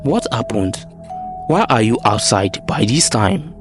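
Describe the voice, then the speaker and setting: A man's voice: medium pitch, sing-song, unhurried, over music. A man voicing a stern husband who demands answers in a folktale. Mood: demanding. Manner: demanding, questioning.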